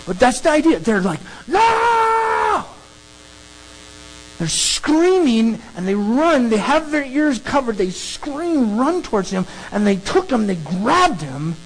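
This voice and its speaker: Lively emphatic preacher. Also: mid-range voice, normal speed, few pauses, low-quality recording. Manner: animated, emphatic, acts out crowd scenes. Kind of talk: sermon.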